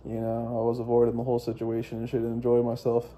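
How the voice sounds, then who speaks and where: A young man with a very dark, mellow voice rambles through a personal story. He swears freely and keeps restarting his sentences as he talks. His pitch sits in a middling range for a man. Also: monotone, fast talker, highs cut off, a little hiss or hum. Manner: profane, meandering, frequent restarts and fillers. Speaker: vlogger.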